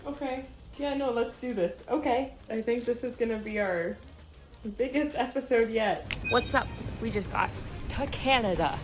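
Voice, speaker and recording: Bright-pitched woman in a casual vlog. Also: normal speed, over music. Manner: chatty, laughing, swearing. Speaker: video host.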